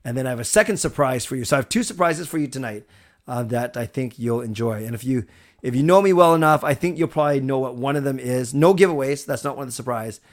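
A man's voice: medium pitch, expressive, quick pace. A man hosting a casual live stream, chatty and rambling, thanking viewers as he goes. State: recovered from a cold. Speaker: livestream host.

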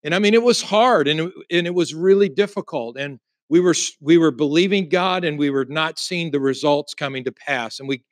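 A man preaching a sermon as a pastor, telling a personal story and swinging between loud emphasis and hushed, quiet moments. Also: fairly high pitch, fairly quick, few pauses, no echo, clean studio sound.

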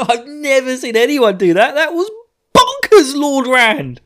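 A man's voice: very high-pitched, sing-song, very slow, voice pushed up, full character voice. A man squealing as an astonished soldier. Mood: amazed. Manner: shouting in amazement, laughing. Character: excitable male soldier, stunned and loud.

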